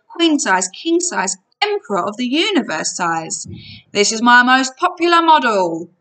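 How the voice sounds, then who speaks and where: A woman reading a storybook aloud, narrating in an expressive first-person way. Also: medium pitch, recorded from a distance. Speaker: reader.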